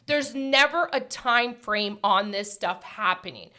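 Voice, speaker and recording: A woman's voice: mid-range voice, expressive, unhurried, bright, forceful tone. A woman in casual podcast chat, talking emphatically and bluntly, repeating phrases for stress.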